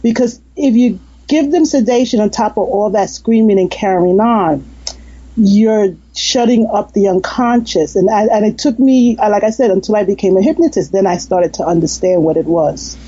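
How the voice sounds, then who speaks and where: A woman's voice: mid-range voice, moderate pace, slightly rough, muffled recording. A woman hypnotist and former nurse, chatting in an interview and telling earnest stories with frequent restarts. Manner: earnest, warm-hearted storytelling with frequent restarts and laughter. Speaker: guest storyteller and hypnotist. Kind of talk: casual interview chat.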